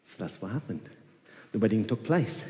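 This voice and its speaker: A man telling a folk tale in an animated way, repeating phrases and voicing the characters. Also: on the low side, moderate pace, long reverb tail. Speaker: storyteller. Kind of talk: oral folk-tale storytelling.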